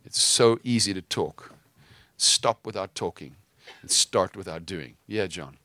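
Fiery, bright-voiced male preacher. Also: sits low, a little slow, dry recording. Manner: fiery, emphatic, conversational asides. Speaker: preacher and host. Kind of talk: impassioned preaching.

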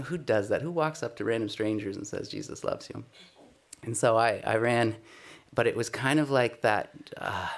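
A man's voice: fairly low pitch, gravelly. A man giving a conversational sermon, telling a personal testimony in an earnest, self-deprecating way. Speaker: speaker sharing a personal testimony.

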